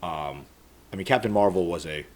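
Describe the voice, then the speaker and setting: A man's voice: low voice, normal speed, a little mellow. A man co-hosting a casual chat, giving rambling opinions and often correcting himself. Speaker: co-host. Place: small studio.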